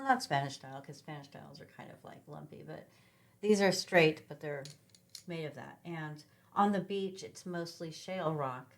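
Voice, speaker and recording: A woman from Sacramento, middle-aged, speaks in a low register. As a podcast guest she tells loose, animated anecdotes, with plenty of ums and restarts. The talk is relaxed and conversational. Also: creaky. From Sacramento, California. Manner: rambling, animated travel anecdotes with many fillers. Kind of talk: casual conversational storytelling.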